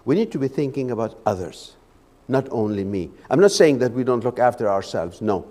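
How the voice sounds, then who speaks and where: A man's voice: medium pitch, animated, brisk, dark tone. Fervent male preacher in an echoey church. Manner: fervent, stumbling on repeated words. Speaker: lay preacher. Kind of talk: sermon. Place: church sanctuary.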